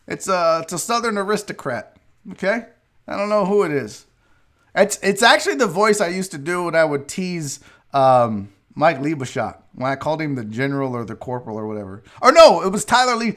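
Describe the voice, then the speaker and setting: High-pitched guy doing a live sports show, joking around and reading chat comments. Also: lively intonation, moderate pace. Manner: loose, joking, reads chat messages aloud; slips into a put-on Southern gentleman drawl. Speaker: sports radio host.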